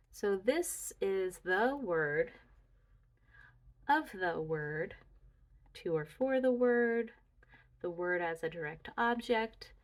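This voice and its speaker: A woman slowly talking through a grammar review lesson, musing aloud as she walks through her slides. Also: lowish voice. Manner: deliberate, talks through slides, muses aloud. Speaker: student reviewing Greek grammar.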